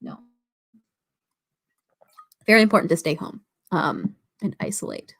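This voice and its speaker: A woman's voice: fairly low pitch, wildly swooping pitch, measured pace, gravelly, breathy edge. A young woman from Toronto with a Canadian accent, hosting a casual writing livestream, chatty and full of fillers as she reads viewer comments aloud. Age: about 19.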